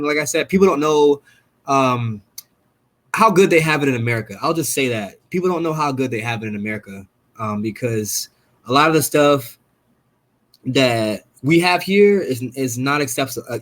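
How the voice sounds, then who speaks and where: A young man from Jamaica, a fighter guest chatting casually on a podcast, laid-back and animated, laughing often. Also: mid-range voice, moderate pace.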